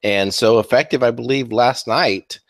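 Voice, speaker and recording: A man co-hosting a political talk radio show, talking in a steady but halting way with many fillers. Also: medium pitch, no room sound. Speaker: co-host.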